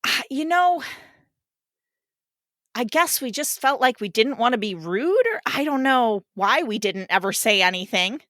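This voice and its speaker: A woman's voice: fairly high pitch, expressive, measured pace, fairly bright tone, no room sound, studio quality. A woman co-hosting a podcast in casual chat, laughing often and reading game cards aloud. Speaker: podcast co-host.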